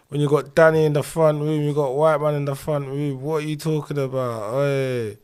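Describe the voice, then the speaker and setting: A man's voice: on the high side, steady tone, moderate pace, few pauses, darkish tone, clean tone, no room sound. A man co-hosting a casual talk show, bantering playfully and hyping up the audience. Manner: playful, laughing, hypes the audience.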